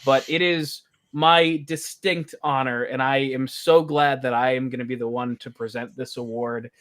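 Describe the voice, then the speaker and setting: A man's voice: medium pitch, steady tone, moderate pace, fairly bright tone. A man presenting an award on a casual fan show, enthusiastic and playful. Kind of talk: casual chat.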